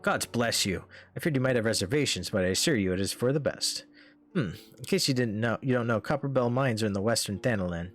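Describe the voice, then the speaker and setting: A man's voice: medium pitch, animated, fast, faint music behind, natural voice. A man voicing a formal, earnest male official, read aloud with old-fashioned phrasing.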